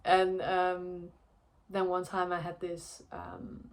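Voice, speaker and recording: A woman's voice: fairly low pitch, monotone, slow pace. A young woman telling a personal story in a chatty vlog, with lots of fillers and frequent laughs. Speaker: vlogger.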